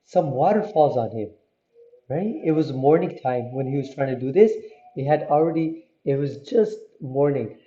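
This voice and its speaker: A man telling a religious story to children, lively and often asking his listeners questions. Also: medium pitch, normal speed. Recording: muffled, roomy recording.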